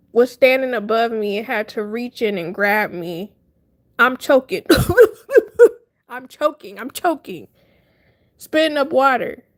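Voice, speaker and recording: A young woman livestreaming, telling a funny story to her chat in a casual, animated way, laughing often and acting out her panic. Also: a little high. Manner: animated, laughing, dramatic retelling.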